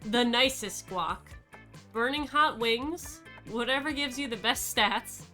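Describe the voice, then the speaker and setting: A woman player chats through a tabletop game with a bright, slightly high voice. She reads the choices out playfully, teasing the others. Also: slow, faint music behind. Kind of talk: casual game chat.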